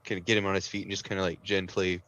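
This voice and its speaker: A man playing a tabletop game, speaking in a measured, hesitant way with many fillers. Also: sits low, flat delivery, a bit bright, highs cut off. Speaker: player.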